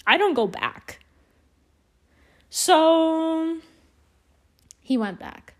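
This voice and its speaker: Young canadian woman rambling on her podcast, bit high-pitched, swears a ton, laughs at herself. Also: lively intonation, normal speed. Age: young adult. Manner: rambling, swears a lot, self-deprecating. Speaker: podcast host. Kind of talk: casual solo podcast storytelling.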